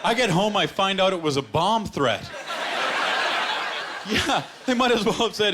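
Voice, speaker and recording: A man's voice: sits high, animated, a little slow, pauses often, very noisy. A man doing a stand-up comedy set on stage, telling stories with punchlines and putting on voices for the people he quotes. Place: comedy club stage with live audience. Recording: live stage recording with loud audience laughter. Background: audience laughter and clapping.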